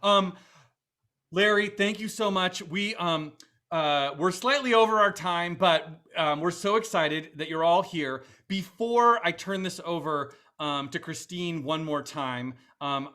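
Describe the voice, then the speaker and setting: Bright-voiced chatty man with a Boston accent. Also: on the high side. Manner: chatty, upbeat, many fillers. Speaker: event host. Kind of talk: virtual fundraiser hosting.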